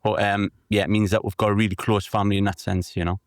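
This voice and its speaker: A man's voice: on the low side, little pitch movement, fast, no echo, clean studio sound. A man with a Geordie accent, chatting casually as a podcast guest, rambling and full of "you know what I mean". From North East England. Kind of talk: casual conversation.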